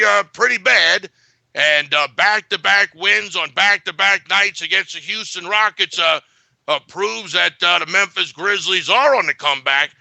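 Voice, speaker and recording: Boastful gravelly man talking betting. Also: high-pitched, sharp tone, no echo. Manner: blunt and boastful, many filler uhs. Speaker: sports betting handicapper. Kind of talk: sports betting talk.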